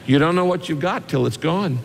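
A man's voice: on the high side, brisk, vocal fry, in a large hall, a little hiss or hum. A man preaching a sermon, telling homey stories and asking rhetorical questions. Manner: folksy storytelling with rhetorical questions. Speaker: pastor.

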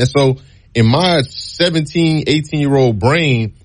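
Low-voiced man, laid-back storytelling, does the voices when he quotes people. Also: a little fast. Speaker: guest, former college football player. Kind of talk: casual storytelling interview.

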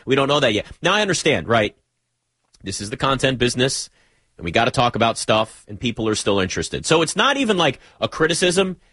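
A man hosting a live sports talk show, talking in an animated, joking way with rambling asides. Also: mid-range voice, breathy edge, no echo, studio quality. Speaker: radio sports talk host.

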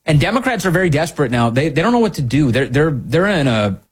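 A man's voice: fairly high pitch, very animated, quick pace, husky. A man delivering an indignant, sarcastic opinion monologue as a commentary host, with an emphatic way of talking.

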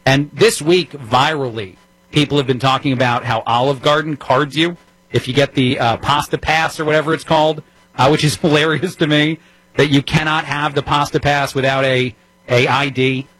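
A man with a New Jersey accent fills in as a political talk radio host, speaking in a wry, conversational monologue full of ums and uhs. His voice sits a bit high for a man. The studio sound is dry and close. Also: steady tone, normal speed, a bit bright, no echo, rough recording.

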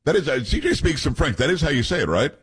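Husky-voiced talk radio host. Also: male voice, fairly high pitch, big pitch swings, fast talker, fairly bright tone. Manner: reads news aloud and adds blunt asides. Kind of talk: opinionated talk radio commentary.

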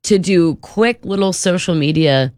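A woman's voice: fairly low pitch, unhurried, darkish tone, dry recording. Gushing woman radio co-host, dry sound. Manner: enthusiastic, chatty, gushing. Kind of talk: casual morning-show chat.

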